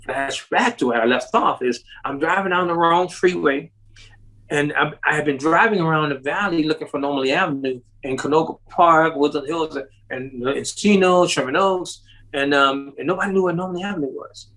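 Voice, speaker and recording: A man's voice: normal speed, low-quality recording. A man telling a long story as an interview guest, laughing often and acting out the voices of the people in it. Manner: acts out quoted voices with sharp rises in pitch, laughs often. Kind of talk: animated storytelling.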